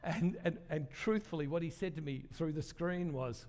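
A man's voice: on the high side, normal speed, darkish tone, in a large hall, slight background noise. An older man, preaching a sermon in a conversational way, questioning the congregation and joking about himself. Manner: conversational, asks the congregation questions, self-deprecating humor.

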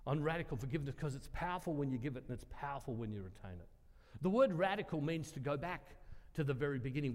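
Chatty preacher in a reverberant hall. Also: male voice, mid-range voice, darkish tone. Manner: chatty, self-deprecating, acts out quoted voices. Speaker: pastor. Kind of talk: sermon with storytelling.

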